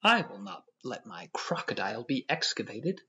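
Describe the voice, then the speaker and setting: A man's voice: medium pitch, sing-song, normal speed, bright, forceful tone. A man voicing a greedy, stubborn German showman who haggles in broken word order. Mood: greedy boastful. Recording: dull lo-fi audio.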